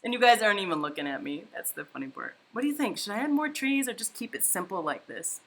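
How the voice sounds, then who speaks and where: A woman hosting a live painting stream from home, chatting casually, reading viewer comments aloud and thinking out loud as she paints. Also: medium pitch, big pitch swings, fast. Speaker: livestream painting host. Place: home, indoors.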